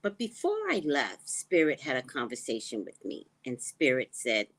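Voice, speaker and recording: A woman running a spiritual vlog, talking slowly and reflectively and often dropping to a hushed tone. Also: a bass voice, wildly swooping pitch. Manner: slow, musing, often drops to a hushed tone. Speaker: spiritual reader and vlogger. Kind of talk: reflective personal talk. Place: living in the Caribbean.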